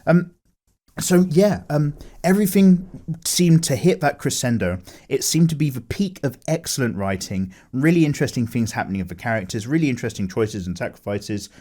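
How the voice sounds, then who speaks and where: A man casually chatting with viewers while drawing, animated, with lots of fillers as he reads chat aloud. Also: mid-range voice, a little fast. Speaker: art streamer chatting with viewers.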